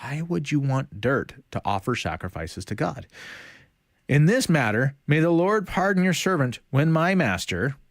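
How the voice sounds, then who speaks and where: A man teaching a casual Bible study, animated and conversational, retelling stories in everyday speech. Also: fairly high pitch, moderate pace, no room sound, clean studio sound.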